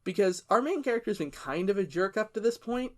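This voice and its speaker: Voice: medium pitch, lively intonation, brisk, a bit bright. A young adult podcast co-host in casual chat, sarcastically recapping a movie and acting out the characters' lines.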